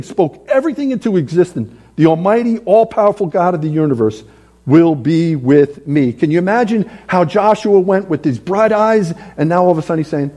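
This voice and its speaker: Male pastor mid-sermon in a church, husky and mellow, animated, acts out biblical figures. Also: high-pitched. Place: church sanctuary.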